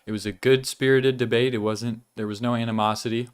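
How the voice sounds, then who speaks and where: A young man rambles easily through his weekly vlog update. His voice is smooth and resonant, sitting at an ordinary middle pitch. He talks loosely and casually, with the odd swear word, while chewing gum. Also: steady tone, brisk. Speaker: vlog host.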